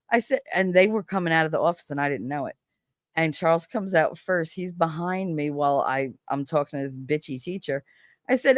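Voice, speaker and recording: A woman with a lowish voice, recorded dry and close, chatting casually on a stream. She tells stories in an animated, foul-mouthed way, laughing often and acting out the people she quotes. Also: a little fast, no room sound. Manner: animated, swears freely, acts out quoted voices. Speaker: stream co-host. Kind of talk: casual storytelling chat.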